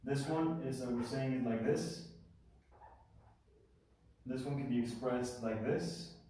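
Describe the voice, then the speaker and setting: A man's voice: medium pitch, slow pace, dark tone, slight background noise. Man teaching math in an echoey room. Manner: thinking aloud, self-correcting, informal asides. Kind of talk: casual whiteboard explanation. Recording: echoey room, mic far off.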